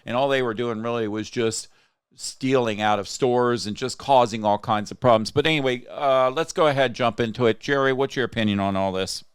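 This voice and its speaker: A man's voice: mid-range voice, brisk, smooth, dry recording, studio quality. Heated man hosting a podcast. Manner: rambling, heated and indignant. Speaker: podcast host. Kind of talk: casual political podcast talk.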